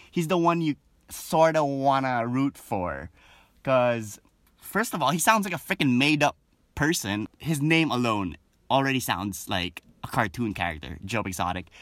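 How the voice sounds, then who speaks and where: Man, casual vlog rant, very lively swooping pitch, dry close sound, chatty. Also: dry recording. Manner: animated, chatty, with frequent fillers; breaks into laughter often. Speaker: show reviewer.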